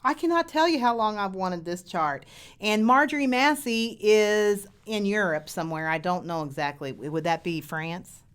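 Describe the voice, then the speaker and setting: A woman hosting a casual live chat, excited and gushing. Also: medium pitch, moderate pace, clear, resonant tone. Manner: gushing, excited, laughs easily. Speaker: host.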